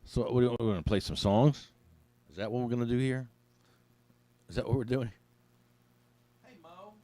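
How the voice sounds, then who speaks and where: Man, low and mellow, casual home live-streamer, rambling, jokey, dry close sound. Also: no room sound. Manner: rambling, joking, talks to himself. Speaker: meeting attendee on live stream.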